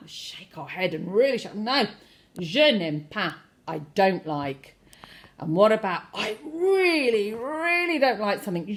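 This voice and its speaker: A woman teaching a children's French lesson, repeating phrases and inviting the listener to say them back with encouraging praise. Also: moderate pace. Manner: very animated pitch, plays with intonation.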